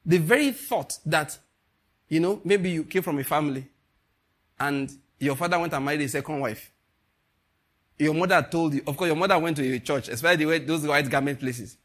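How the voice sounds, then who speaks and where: A man with a Nigerian accent preaching a sermon, animated and laughing, swinging from quiet asides to loud exclamations. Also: fairly high pitch, fairly quick.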